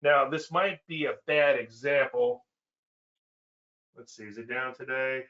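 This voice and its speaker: A man's voice: medium pitch, unhurried, bright, forceful tone, lo-fi sound. A man hosting a market show, teaching casually in a rambling, conversational way with self-deprecating asides and repeated points. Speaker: trading educator and show host.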